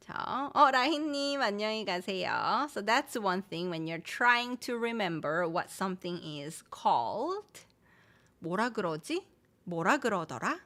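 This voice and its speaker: A woman's voice: mid-range voice, fairly bright tone. Woman teaching live. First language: Korean. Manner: mixes English and Korean, repeats example phrases; reads viewer names and comments aloud. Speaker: Korean language teacher. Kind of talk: live-streamed language lesson.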